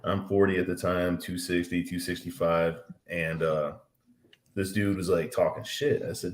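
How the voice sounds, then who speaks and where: A man in his forties with a very low voice tells a long, swear-filled story in casual podcast chat. His voice rings out in a roomy, echoey space. He delivers it animated and blunt. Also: moderate pace. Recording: roomy echo.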